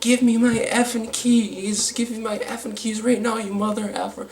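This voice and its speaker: A man's voice: high voice, flat delivery, moderate pace, darkish tone, slight background noise, voice pushed up. A man putting on the voice of a drunk, furious middle-aged woman who shrieks cursing demands. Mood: shrill, angry.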